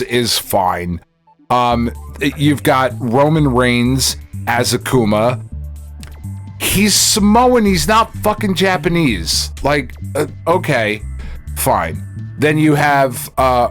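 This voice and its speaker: A man co-hosting a podcast in casual chat, ranting and swearing with sarcastic asides. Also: medium pitch. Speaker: podcast co-host.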